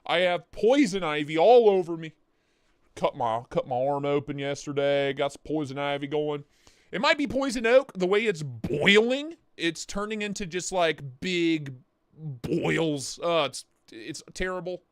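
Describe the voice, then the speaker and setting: A man's voice: fairly high pitch, animated, measured pace, smooth, no echo, studio quality. A man in his thirties hosting a livestream, chatting casually and rambling with jokes and swearing, sore in the neck and back. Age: 30s. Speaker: livestream host.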